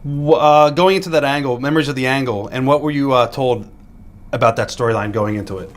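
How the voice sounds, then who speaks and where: A man interviewing a guest, asking questions with filler pauses. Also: medium pitch.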